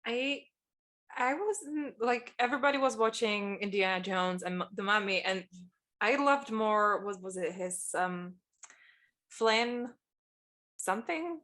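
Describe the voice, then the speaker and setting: A woman co-hosting a casual podcast chat. Her pitch sits in the middle, and her talk is loose and easygoing. She rambles and often trails off mid-thought as she searches for what to say. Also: lively intonation, a little slow, a bit bright. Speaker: podcast co-host.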